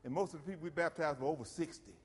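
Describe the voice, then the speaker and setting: A man's voice: a little high, racing, breathy edge, in a large hall. A middle-aged man from South Carolina, preaching a sermon in a church with emphatic call-and-response.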